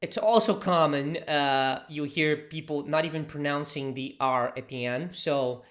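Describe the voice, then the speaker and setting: Slow, patient Brazilian-accented teacher. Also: mid-range voice. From southern Brazil. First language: Brazilian Portuguese. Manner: patient, explains and repeats phrases slowly. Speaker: language teacher. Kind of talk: casual language lesson.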